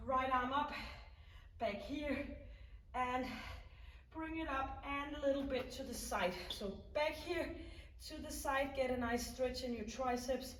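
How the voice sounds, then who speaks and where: A woman's voice: high voice, a little hiss or hum. A woman leading a home workout, counting down reps and encouraging the listener as she coaches. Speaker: fitness instructor. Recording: echoey room, mic at a distance.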